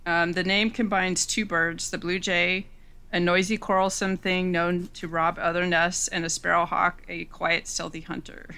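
A woman's voice: on the low side, little pitch movement, bright, forceful tone. A woman co-hosting a podcast, reacting wryly and reading looked-up facts aloud. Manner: reads search results aloud, quick wry reactions. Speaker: podcast co-host. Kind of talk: casual podcast chat.

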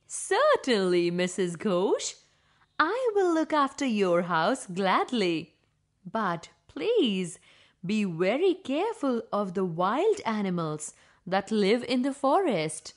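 A woman's voice: medium pitch, big pitch swings, slow pace. A woman voicing a polite, caring neighbor in a children's story. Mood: friendly.

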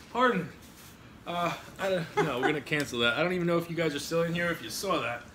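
Man host, livestream banter, profane and joking, lively pitch, echoey noisy room. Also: normal speed. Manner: joking, swears often. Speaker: host of a pizza review livestream. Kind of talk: casual on-stream banter. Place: indoors at a table during a livestream.

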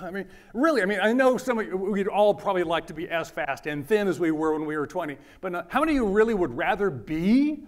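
A middle-aged man with a high voice gives a talk to an audience, loose and joking. He keeps quizzing the room as he goes. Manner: conversational, jokey, quizzing the audience. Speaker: university lecturer. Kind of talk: lecture to an audience.

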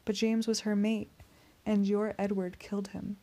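A woman voicing a suave male vampire in an audiobook, speaking in a soft, courteous, menacing purr. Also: mid-range voice, level tone, moderate pace, natural voice. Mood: silky menace. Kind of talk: audiobook character reading.

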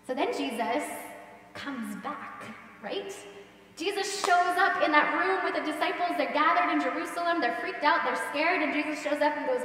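A woman pastor giving a casual, animated sermon and acting out the voices she quotes. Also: sits high, moderate pace. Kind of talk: conversational sermon. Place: large church sanctuary. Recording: echoey church hall, distant mic.

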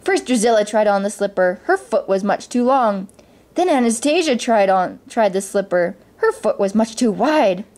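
A woman reading a children's storybook aloud in a gentle, steady way, with small slips now and then. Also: mid-range voice, normal speed.

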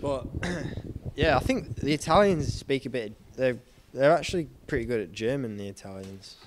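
A young man from Europe co-hosting a podcast in casual chat, asking questions and teasing, speaking in a halting way. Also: medium pitch, expressive. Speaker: podcast co-host. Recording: clear background noise.

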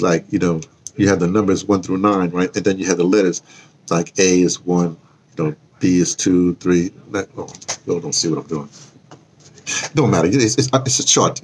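A man's voice: on the low side, a little hiss or hum. An older man chatting loosely on a live stream from outdoors, wandering off topic and correcting himself as he goes. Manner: meandering, self-interrupting, chuckling asides. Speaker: vlogger. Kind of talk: rambling live-stream chat. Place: outdoors in the cold.

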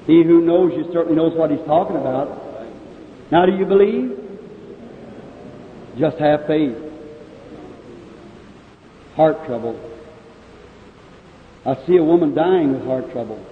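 A man's voice: fairly high pitch, a little slow, pauses often, a little hiss or hum. A male preacher at a revival healing service, speaking directly to people in the audience and calling out their ailments. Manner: addresses audience members directly, calls out ailments. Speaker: evangelist preacher. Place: large meeting hall. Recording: echoey hall on a tinny old 1950s tape.

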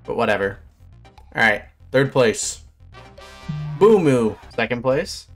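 A man's voice: mid-range voice, very animated, takes it slowly, soft background music. A man, a fish biologist streamer, giving casual reaction commentary, blunt and swearing, bursting into surprised questions.

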